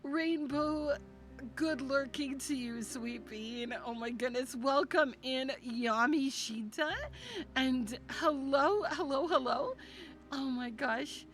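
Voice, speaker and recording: A woman's voice: sits high, slow, a bit bright. A woman game streamer chatting casually on a live stream, gushing and affectionate with her viewers. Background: game music.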